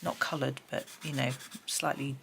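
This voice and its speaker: Low-voiced woman chatting while colouring. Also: steady tone, moderate pace, creaky, a bit bright, slight background noise. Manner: chatty, rambling, many ums. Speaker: colouring tutorial host. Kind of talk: casual talk while colouring. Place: home desk.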